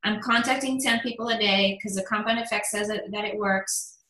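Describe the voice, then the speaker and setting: A woman in her forties, a fitness business coach, giving an energetic motivational talk in emphatic bursts. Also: medium pitch, moderate pace. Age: 40s. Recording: echoey room.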